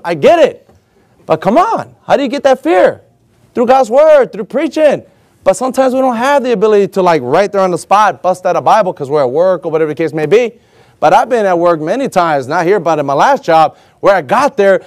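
A young man preaching a lively, joking sermon as a substitute preacher, acting out little scenes and slowing down to read scripture with emphasis. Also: high-pitched, dry recording. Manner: slow, emphatic scripture reading.

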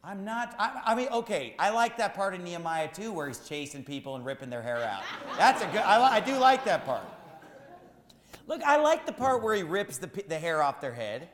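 A man preaching a sermon as pastor, emphatic and repetitive, rising to shouts at times. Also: sits high, sing-song, brisk, echoey room, long reverb tail.

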